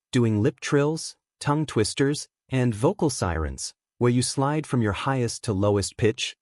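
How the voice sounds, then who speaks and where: A man co-hosting a language-learning podcast, giving clear, measured scripted explanations. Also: mid-range voice, darkish tone, no room sound, studio quality. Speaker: podcast co-host. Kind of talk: scripted teaching talk.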